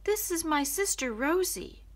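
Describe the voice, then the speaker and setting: A woman's voice: very high voice, expressive, a little slow, voice pushed up. A woman reading as a polite, earnest schoolboy. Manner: polite, careful explaining.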